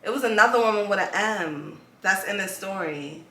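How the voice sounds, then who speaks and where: A woman's voice: mid-range voice, normal speed, sharp tone, reverberant. A woman hosting a podcast, telling stories casually with slang and laughter. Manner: loose storytelling with slang and laughs. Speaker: podcast host. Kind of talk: casual chat.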